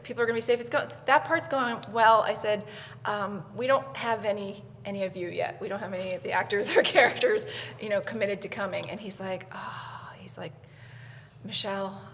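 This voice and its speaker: A woman, an event organizer, telling a story at a conference in an animated way, acting out what people said. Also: fairly high pitch. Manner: animated, acts out quoted dialogue. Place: conference hall. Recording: hall reverb, faint room noise.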